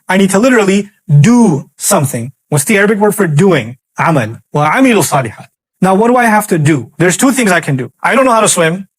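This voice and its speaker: A male Islamic lecturer talks quickly with a slightly raised voice and tells his points as lively acted-out scenes. The sound is close and dry, with no room echo. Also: sits high. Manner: animated storytelling, acting out scenarios; recites Quranic Arabic. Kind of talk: religious lecture.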